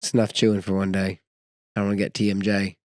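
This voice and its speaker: A man's voice: on the low side, monotone, fast, no room sound, clean studio sound. A man co-hosting a church podcast in casual chat, playful and fond of acting out quotes in exaggerated voices.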